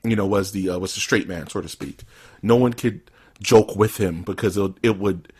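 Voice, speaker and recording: Husky, animated man chatting on a podcast. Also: low-pitched, moderate pace. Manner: animated, laughing, says dude and dog a lot. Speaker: podcast co-host. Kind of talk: casual podcast chat.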